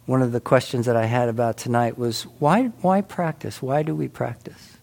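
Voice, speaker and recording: A man's voice: medium pitch, expressive, moderate pace, vocal fry, a little mellow. A middle-aged man giving a casual, rambling personal talk at a meditation center, full of restarts and "you know.".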